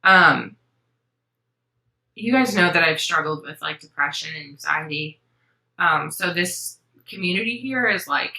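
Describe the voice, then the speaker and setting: A woman's voice: lowish voice, bright, forceful tone, echoey room, low-quality recording. A young woman hosting a cross-stitch vlog, chatting to camera in a sentimental, rambling way with many ums. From Florida. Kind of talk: casual chat to camera.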